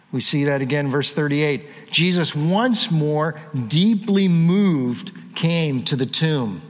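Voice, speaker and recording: Man preaching in an echoing hall. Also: on the high side. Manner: animated preaching with rising emphasis and light jokes. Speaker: pastor. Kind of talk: sermon.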